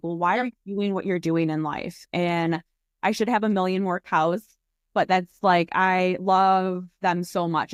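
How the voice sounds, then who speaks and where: A woman's voice: dry recording, studio quality. A woman from Michigan, chatting with enthusiasm as a podcast guest and acting out quoted lines. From West Michigan, USA. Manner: chatty and enthusiastic, acts out quoted remarks with jumps in pitch. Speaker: guest, dairy sustainability founder. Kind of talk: casual interview chat.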